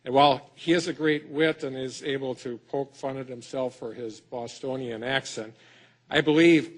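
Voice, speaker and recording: In a lecture hall, a middle-aged Wisconsin native, the state schools superintendent, delivers a folksy conference speech that pokes fun at himself and is full of fillers and restarts. His voice is medium-pitched and steady at normal speed, with a Wisconsin accent.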